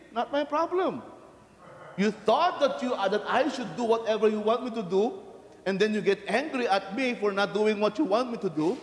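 A man, a Catholic priest, giving a lively, conversational sermon, putting many questions to the congregation. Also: sits high. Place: large church. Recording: echoey church hall from a distance.

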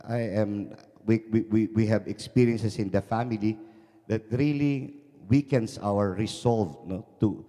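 A male priest giving a sermon, telling jokes in a lively way and acting out the characters. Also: fairly low pitch. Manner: lively storytelling, acting out voices. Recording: echoey hall.

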